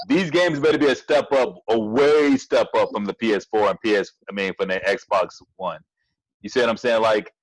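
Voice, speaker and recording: A man's voice: medium pitch, dry recording, poor audio. A man co-hosting a casual podcast from home over a tablet call, easygoing and slangy. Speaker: podcast co-host. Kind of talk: casual chat.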